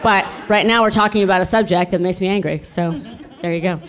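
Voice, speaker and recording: A woman's voice: on the low side, fast, noisy background. Fiery, blunt woman on a panel. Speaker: actress and panelist. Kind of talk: panel discussion.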